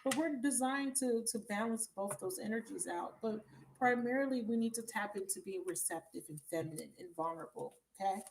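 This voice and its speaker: This tarot reader's voice sits on the high side, fairly quick and gravelly, with slight background noise. Streaming from home, she chats bluntly with viewers, swears freely, and calls them baby.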